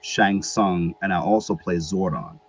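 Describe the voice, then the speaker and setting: A man's voice: sits low, a little slow, slight background noise. A man being interviewed as an actor who talks casually and hesitantly, with many fillers. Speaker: actor guest. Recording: dull lo-fi recording.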